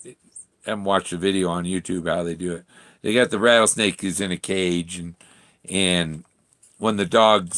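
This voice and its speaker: A man's voice: sits low, fairly bright tone. A man vlogging from a campsite in a casual, rambling way, chuckling often and trailing off mid-sentence. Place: outdoor campsite.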